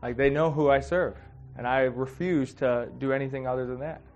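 A man's voice: medium pitch, fairly even intonation, normal speed, a little mellow, highs cut off, slight background noise. A man giving a casual, heartfelt sermon, talking conversationally with many fillers and getting emotional. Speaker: preacher.

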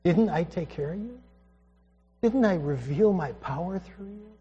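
A man voicing God as a gentle, patient male figure who asks soft, coaxing questions. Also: sits high, animated, unhurried, slightly rough, long reverb tail, highs cut off, soft background music, full character voice. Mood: urging.

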